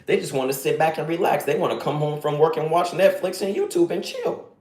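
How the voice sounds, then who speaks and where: Male streamer, animated and preachy, slightly high voice, roomy echo. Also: fairly quick. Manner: preachy, emphatic, slangy. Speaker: live streamer. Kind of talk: casual live-stream rant.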